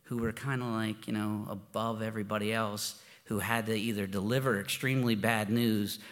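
A man's voice: fairly low pitch, steady tone, normal speed. A pastor giving a conversational sermon, informal and storytelling, often restarting his sentences. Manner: informal and storytelling, with frequent restarts and "you know". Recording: long hall reverb.

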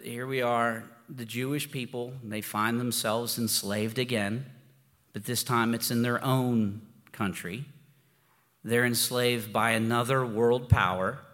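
A man's voice: medium pitch, a bit bright. Guy pastor preaching casual, lots of restarts, mid voice, big hall echo. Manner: informal and storytelling, with frequent restarts and "you know". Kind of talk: conversational sermon. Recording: long hall reverb.

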